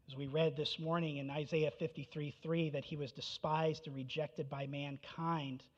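Man preaching with rhetorical questions. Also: on the high side. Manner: rhetorical questions, citing verses. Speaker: pastor. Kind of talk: sermon. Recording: dull lo-fi sermon recording.

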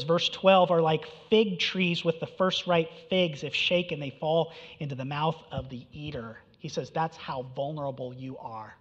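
A male pastor delivers a casual, animated sermon, mocking the enemies in loud taunting bursts, then dropping to quiet, low asides. His voice sits a little high for a man. The sound is dull and lo-fi, with a long reverb from a big hall. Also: moderate pace. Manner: animated, conversational, mocking voice for quoted prophecy. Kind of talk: expository sermon.

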